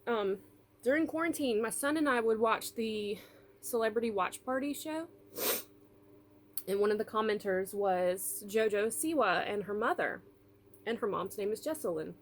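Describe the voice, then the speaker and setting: Brief: woman in her thirties, vlogger, tearful, halting with fillers, faint background hiss. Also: medium pitch, lively intonation. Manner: emotional, apologetic, halting with fillers. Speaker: doll collector vlogger. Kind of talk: personal storytelling vlog.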